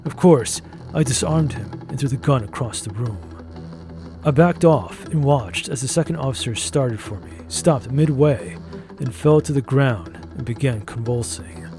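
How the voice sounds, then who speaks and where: A man narrating a first-person story in an even, measured way. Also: mid-range voice, over music.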